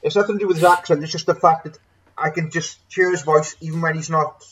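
A man's voice: on the high side, steady tone, quick pace, crowd noise. A man in casual podcast chat, earnest and repeating his point. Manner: earnest, repeats himself, apologetic. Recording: dull lo-fi sound.

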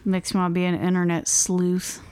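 Telling a story during a casual podcast chat, this co-host has a smooth, lowish voice and speaks at a normal speed. She performs the quotes with animation, and there's no echo on the recording.

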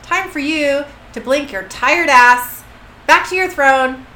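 A woman's voice: high-pitched, takes it slowly, pushed and bright, a little hiss or hum, voice pushed up, heavily acted. A woman reading the commanding lines of a powerful female being during a casual show recap, in an echoey room.

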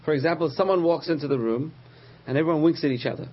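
A man teaching a religious lesson, patiently explaining terms, repeating key words and pausing with frequent uh's. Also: on the high side, breathy edge, highs cut off. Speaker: Torah teacher.

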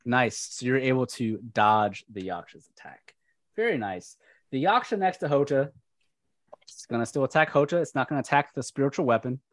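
A man's voice: medium pitch, lively intonation, normal speed, no room sound. Game master man, dry close sound. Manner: explains rules aloud while reading. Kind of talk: narrating and ruling a tabletop game.

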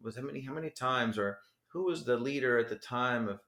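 A man from New Jersey, a rapper guest, talking in a rambling, animated way and swearing freely in a casual interview. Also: medium pitch, fairly quick. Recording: echoey room.

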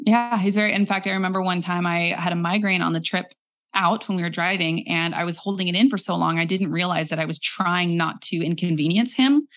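A woman's voice: on the low side, fairly quick, fairly bright tone. A young adult woman telling a personal story in a candid, reflective way, acting out quoted lines as she goes. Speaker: guest.

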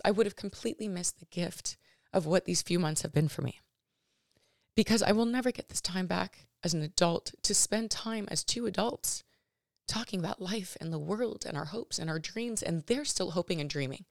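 Earnest woman with a lowish voice. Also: normal speed, vocal fry, dry recording, clean studio sound. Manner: earnest, emotional, many fillers and restarts. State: near tears at times. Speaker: podcast host. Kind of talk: personal reflective monologue.

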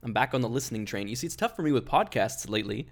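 Man co-host, quick joking patter, ribs his friends. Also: medium pitch, big pitch swings. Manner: joking, teasing. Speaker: podcast co-host. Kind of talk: casual chat.

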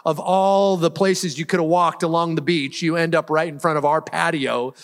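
A man's voice: a little high, steady tone, normal speed, in a large hall. A man pastor preaching a sermon in a casual, storytelling way, often restarting his sentences. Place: church sanctuary.

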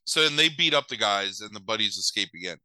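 A man's voice: fairly low pitch, expressive, fast, pushed and bright, no echo, rough recording. A man recapping a movie in a loose, sarcastic chat, swearing casually and using many filler words.

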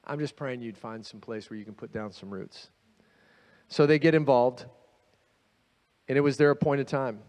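A man preaching a sermon as pastor, telling the story with animated energy and acting out the voices of the people in it. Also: mid-range voice, normal speed, pauses often, in a large hall.

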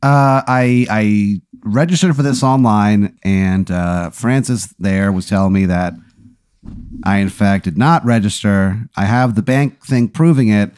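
A man's voice: lowish voice, measured pace, a little mellow, smooth. A man co-hosting a casual comedy chat, easygoing, with stammering restarts. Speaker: co-host.

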